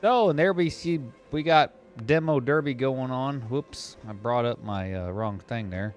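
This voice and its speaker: A man commentating an online sim race he is driving in, narrating the action in casual, excitable chat. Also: mid-range voice, unhurried, faint music behind. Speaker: sim racing commentator and driver.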